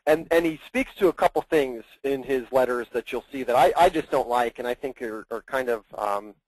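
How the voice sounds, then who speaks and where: A man's voice: medium pitch, moderate pace, a little mellow, dry recording, poor audio. A man acting as plan administrator guest on a training call, explaining earnestly and at length, often repeating his words.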